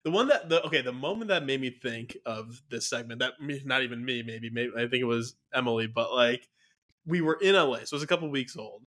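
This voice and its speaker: A man co-hosting a podcast, telling stories in an animated, slangy way and laughing often in casual chat. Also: mid-range voice, brisk. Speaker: podcast co-host.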